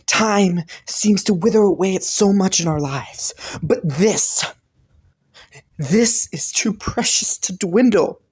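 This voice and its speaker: A man voicing Killua as a devoted young boyfriend in a romantic listener role-play audio, talking softly with many sighs and little laughs. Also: sits high, unhurried, few pauses. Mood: earnest. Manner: soft, sighing, breathy little laughs. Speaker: voice actor.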